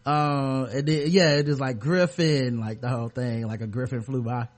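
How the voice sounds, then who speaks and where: A man's voice: medium pitch, steady tone, normal speed. A man hosting a comedic podcast in a casual, sarcastic, rambling way. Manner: sarcastic, joking, loose and rambling. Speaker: podcast host.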